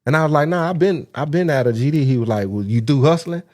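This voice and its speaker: Animated man telling a story. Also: a little high, quick pace. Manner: animated, acts out voices in quotes, laughs often. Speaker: guest telling his prison story. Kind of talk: casual storytelling.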